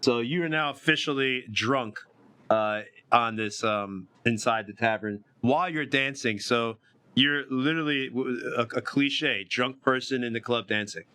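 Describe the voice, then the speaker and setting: A man's voice: medium pitch, measured pace, bright, forceful tone, clean tone. A man running a tabletop game as game master, loose and joking, often correcting himself.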